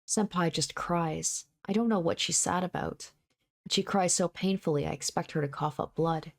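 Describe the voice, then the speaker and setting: A woman narrating a visual novel aloud in a soft, steady, measured voice. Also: lowish voice, creaky.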